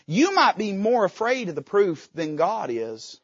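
A man's voice: high voice, big pitch swings, measured pace, few pauses, husky, no room sound, lo-fi sound. A man preaching a fervent, folksy sermon from a church pulpit, his volume swelling and dropping suddenly. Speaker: pastor.

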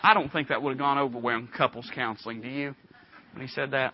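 A man preaching a sermon, telling folksy stories and building up to loud, fervent preaching. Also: medium pitch, fairly quick, slightly rough, no room sound, highs cut off.

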